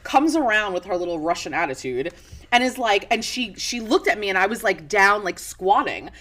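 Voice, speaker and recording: An American woman co-hosting a podcast, telling a story from her shop in a casual, animated way and acting out what people said. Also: mid-range voice, normal speed. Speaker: podcast co-host, shop owner.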